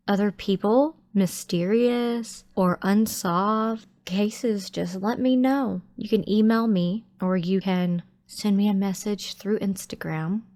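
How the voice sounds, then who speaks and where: A woman hosting a true crime channel, speaking softly and emotionally to her viewers. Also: mid-range voice. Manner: soft-spoken, emotional, heartfelt. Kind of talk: casual outro to viewers.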